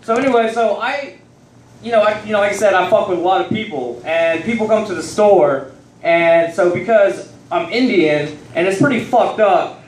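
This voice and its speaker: High-voiced man rambling onstage. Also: normal speed, slight background noise. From Texas. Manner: rambling, profane, loose storytelling. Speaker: stand-up comedian. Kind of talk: stand-up set. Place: comedy club stage. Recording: roomy sound from a distant mic.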